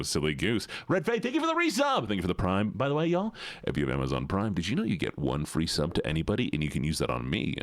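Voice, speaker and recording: A male livestreamer with a lowish voice and no room sound chats casually, playfully greeting viewers in his chat one at a time with sing-song hellos.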